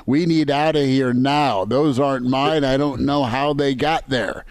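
A man's voice: medium pitch, fairly even intonation, unhurried, darkish tone, a little hiss or hum. A man hosting a sports talk show from a studio, easygoing and prone to chuckling. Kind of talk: casual sports radio banter. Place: radio studio.

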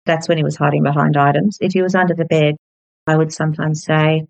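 On her podcast, a woman in her thirties reflects on a personal story, speaking candidly and gently in a low, level, creaky voice at a quick pace. The recording is dry, close-miked, without room sound, and rough.

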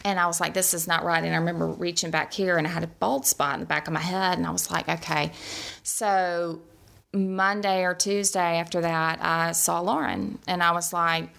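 Chatty woman with gravelly voice. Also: lowish voice, fairly even intonation, normal speed, a bit bright. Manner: chatty, acts out quoted voices. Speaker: storyteller. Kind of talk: personal storytelling.

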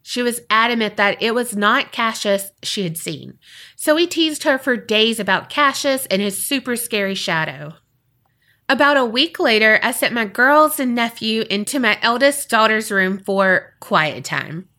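A woman with a fairly high, bright voice hosts a podcast. She reads a listener's eerie story aloud, her pitch swinging widely as she dramatizes it. Her reactions are animated and expressive. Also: unhurried. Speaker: podcast co-host. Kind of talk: casual chat and reading a listener story aloud.

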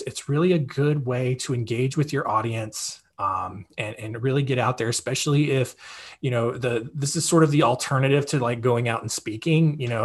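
A man hosting a podcast, giving casual advice in an upbeat, conversational way with lots of fillers and check-ins. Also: medium pitch. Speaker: podcast host.

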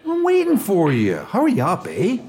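An actor with a Canadian accent playing a joking, rambling unemployed drinking buddy in a stage play. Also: male voice, high voice, wildly swooping pitch, moderate pace, a little mellow. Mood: teasing. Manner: teasing, rambling storyteller.

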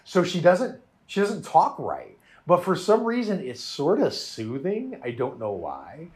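A man's voice: a little high, huge pitch swings, measured pace. A man hosting a podcast, chatting animatedly about a show with frequent laughs and restarts. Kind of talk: casual chat reviewing a show.

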